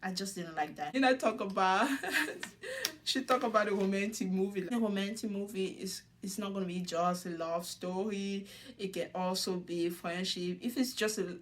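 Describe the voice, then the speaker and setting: Young woman vlogger, chatty recap, mid-pitched voice, laughs a lot, mimics the people she quotes. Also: normal speed, slight background noise. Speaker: reality show recap host. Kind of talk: casual commentary.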